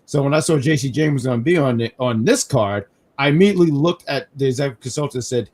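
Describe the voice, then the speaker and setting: A man from New York hosting a casual live wrestling review stream, telling animated stories with self-mocking jokes. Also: medium pitch, quick pace. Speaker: podcast host.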